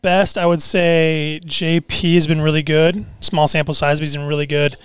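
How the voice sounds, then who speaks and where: A man's voice: a little high, flat delivery, moderate pace, clear, resonant tone, dry recording. A man in his twenties from Seattle, a basketball player talking as a guest in a casual interview, laid back and full of fillers.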